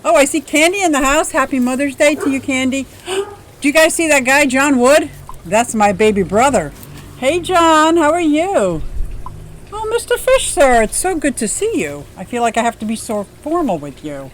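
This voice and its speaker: A woman's voice: high-pitched, big pitch swings, moderate pace, slight background noise. A woman in her fifties hosting a casual livestream outdoors, bubbly and chatty, greeting viewers by name. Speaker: livestream host. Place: outdoors in a yard.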